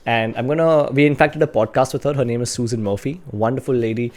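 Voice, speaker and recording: A man's voice: medium pitch, fast, darkish tone. A man explaining voice exercises in an earnest, instructional way, stressing key words. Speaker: communication coach.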